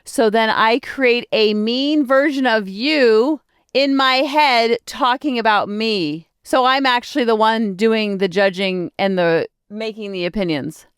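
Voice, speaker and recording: Chatty woman podcast host, smooth voice. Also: on the high side, a little slow, dry recording, clean studio sound. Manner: chatty, animated storytelling with self-talk. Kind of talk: casual solo podcast talk.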